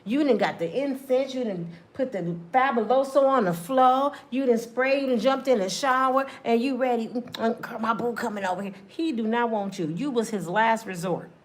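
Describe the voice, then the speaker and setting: Brief: woman host, comedic monologue, voice slightly high, animated, acts out every scene. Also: normal speed, hardly any pauses. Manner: animated, acts out scenes, swings between loud and hushed. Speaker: comedic talk show host.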